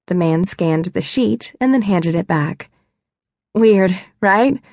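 Young woman reading a romance audiobook, wry and chatty, bit of vocal fry, dry close mic. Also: on the low side, animated, a little slow, dark tone, dry recording. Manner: wry, self-mocking, chatty. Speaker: audiobook narrator. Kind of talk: first-person romance audiobook narration. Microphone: close studio mic.

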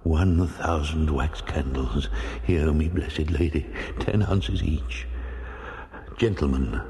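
A man voicing a terrified, superstitious ship captain who prays and pleads in hushed, breathless tones, with a long reverb around the voice. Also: extremely low pitch, takes it slowly, full character voice. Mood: pleading. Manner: fearful, whispered prayers, pleading. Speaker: character in audiobook.

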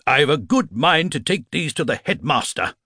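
A man playing a stern, sarcastic middle-aged schoolteacher in a storybook reading, in a high, slow, bellowing voice. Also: huge pitch swings, fairly bright tone, no room sound, clean studio sound, heavily acted.

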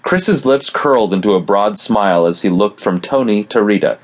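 A man giving steady scripted audiobook narration, reading a novel and voicing its dialogue quietly. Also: fairly low pitch, moderate pace, dry recording.

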